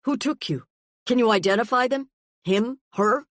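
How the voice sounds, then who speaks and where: A woman's voice: a little high, dry recording, clean studio sound, pitched above the performer's own voice, lightly acted. A woman voicing a frantic, relieved father. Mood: anxious questioning. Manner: urgent rapid questioning.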